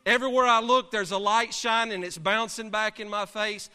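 Bright, high-voiced preacher telling a story. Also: male voice, fairly quick, clean tone. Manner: animated dramatic storytelling. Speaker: pastor. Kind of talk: sermon storytelling. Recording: long reverb of a large hall.

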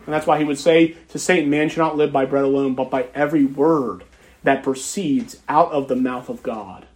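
A man's voice: medium pitch, normal speed, a little mellow. A man preaching an expository sermon, reading scripture aloud and stressing key phrases by repeating them.

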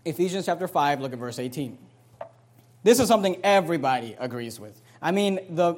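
A man preaching a fiery sermon, reading scripture slowly and swinging between loud bursts and low asides. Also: expressive. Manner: reads scripture slowly with emphasis. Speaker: pastor.

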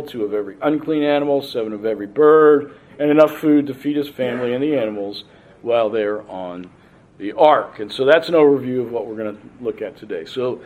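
A man teaching a Bible study class, reading scripture aloud and explaining it patiently, with frequent pauses and ums. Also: medium pitch, phone-quality sound, slight background noise.

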